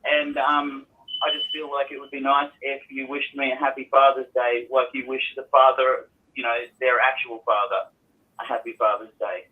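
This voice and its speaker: A man's voice: mid-range voice, little pitch movement, normal speed. A man calling into a talk show, rambling about his home life with many restarts. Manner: rambling, restarts, quotes others in put-on voices. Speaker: caller. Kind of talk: phone-in call, personal story. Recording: tinny phone line.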